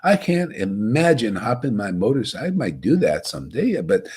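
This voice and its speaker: A man's voice: fairly low pitch, big pitch swings, normal speed, a little mellow, slightly rough. A man giving a rambling, casual devotional talk as a spiritual teacher.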